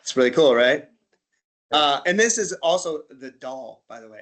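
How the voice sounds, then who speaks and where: A man from the United States, with a voice of ordinary middle pitch, gives a relaxed slide-show talk to a group. He tells his stories in a chatty way and acts out little back-and-forth exchanges as he goes. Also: moderate pace. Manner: chatty storyteller who acts out little dialogues. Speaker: presenter at an interest group talk.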